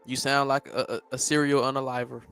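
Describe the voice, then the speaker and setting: Man, reaction commentary, blunt, animated, talks to his viewers, faint music. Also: medium pitch, a little fast, smooth. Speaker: commentary host.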